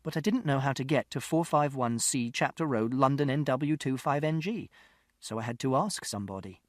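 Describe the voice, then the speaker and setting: A man's voice: mid-range voice, moderate pace, no echo, clean studio sound. A man narrating an audiobook in the first person, with a precise, literal, methodical delivery.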